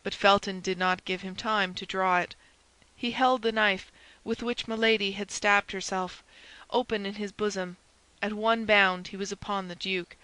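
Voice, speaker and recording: A woman narrating a classic novel as an audiobook in a steady, measured reading. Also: mid-range voice, clear, resonant tone, no echo, rough recording. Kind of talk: scripted narration.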